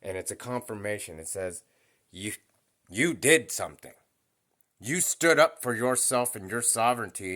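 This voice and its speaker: A man's voice: lowish voice, expressive, normal speed, sharp tone. Blunt, profane man ranting to camera. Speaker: vlogger.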